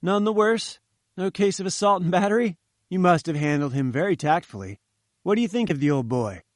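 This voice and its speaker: Breezy, self-assured male reporter, brisk and knowing, read by a man. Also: high voice, lively intonation, no echo, clean studio sound, pitched above the performer's own voice. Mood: teasing.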